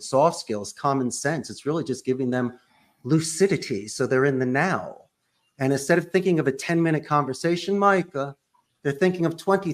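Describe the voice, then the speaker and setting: A man who owns a call center, talking as a podcast guest in an emphatic, punchy way that is full of sports and pop-culture references. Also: a little high. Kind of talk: animated interview talk.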